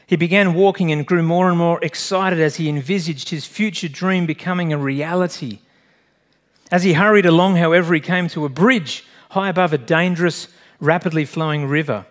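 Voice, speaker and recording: Male pastor preaching, earnest and direct, voice a touch high. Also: moderate pace. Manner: earnest, direct, asks the congregation questions. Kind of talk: sermon.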